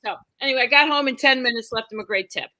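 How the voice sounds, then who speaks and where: A woman's voice: on the high side, fast talker. A middle-aged woman comedian telling a bawdy story in casual chat, acting out the people in it. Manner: bawdy, animated, acts out quoted voices. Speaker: comedian guest.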